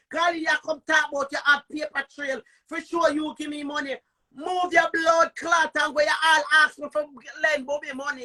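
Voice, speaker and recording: A middle-aged Jamaican woman rants on a phone stream, her voice high and cutting. She shouts, curses and repeats her taunts without pause. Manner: cursing, shouting, repetitive taunts. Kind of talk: heated live-stream rant.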